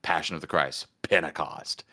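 A low-voiced man co-hosting a casual podcast, riffing playfully and joking through his stories. His tone is forceful and bright, with a deep pitch that carries. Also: fairly even intonation, moderate pace, breathy edge. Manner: joking, riffing on silly bits. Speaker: podcast co-host. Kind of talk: casual comedic chat.

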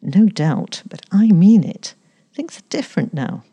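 Brief: female reader doing a headstrong modern young woman, lively and animated, dark mellow tone. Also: on the low side, a little slow, breathy edge, muffled recording, full character voice. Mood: spirited.

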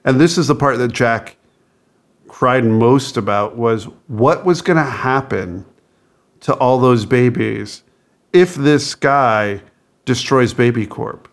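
A man co-hosting a casual movie review podcast, laughing often as he talks. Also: medium pitch. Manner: slow, gravelly, laughs often. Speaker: podcast co-host.

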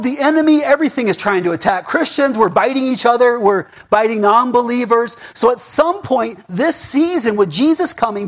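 A middle-aged man preaching a sermon in a church, animated and swinging between near-shouts and murmurs. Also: extremely high pitch, slightly rough. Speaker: pastor.

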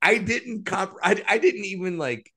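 A man co-hosting a podcast, teasing his friends in quick, jokey banter. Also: sits high, lively intonation, pushed and bright, slightly rough. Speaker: podcast co-host. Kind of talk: casual banter.

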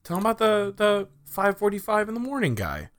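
A man's voice: high voice, huge pitch swings, a little fast. A man co-hosting a podcast in casual chat, chiming in with short agreeing remarks and steering the segments. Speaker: podcast co-host.

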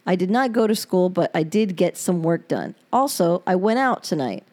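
A woman's voice: fairly low pitch, very animated, moderate pace, a little mellow. A woman podcast host reading her personal diary entries aloud, frank and emotional and given to swearing.

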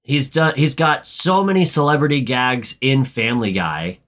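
A man's voice: medium pitch, fairly bright tone. Dry, wry man podcaster. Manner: dry, wry quips, often rushed asides. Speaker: podcast co-host. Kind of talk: casual movie-recap chat.

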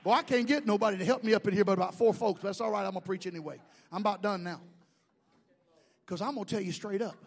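A man preaching a sermon, a pastor, who swings from shouted declarations to quiet joking asides with folksy humor. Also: high-pitched, quick pace.

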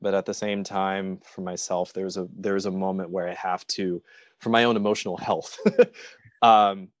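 An earnest man speaks as a guest on a casual podcast, picking his words slowly in short, halting phrases. His voice sits fairly low. The sound is dry and close. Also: little pitch movement, no room sound. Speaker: podcast guest, actor and writer.

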